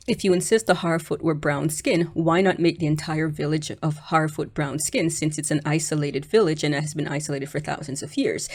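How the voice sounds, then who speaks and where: A woman's voice: sits low, a little mellow. A woman hosting her own channel and giving frank, casual opinion commentary, with many fillers, restarts and dismissive asides. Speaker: channel host.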